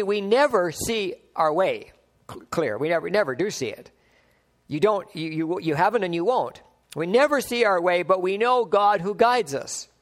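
A pastor preaches to his congregation in a loose, conversational way. His voice sits a little high for a man, and he slips into little back-and-forth dialogues, chuckling now and then. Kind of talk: sermon.

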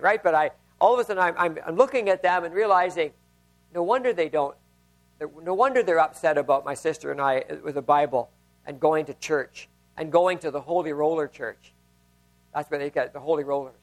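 High-voiced man preaching a sermon. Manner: conversational preaching with personal stories. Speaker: pastor.

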